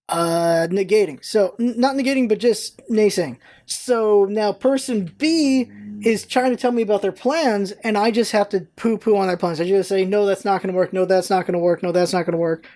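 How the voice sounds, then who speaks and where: A woman vlogger telling a story in a casual, animated way, acting out quoted lines in a raised voice. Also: medium pitch.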